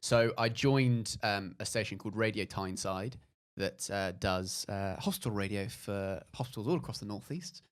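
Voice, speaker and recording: A man in his twenties, a podcast guest, telling a casual anecdote in an animated, rambling way with many fillers. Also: on the low side, moderate pace, hardly any pauses, smooth.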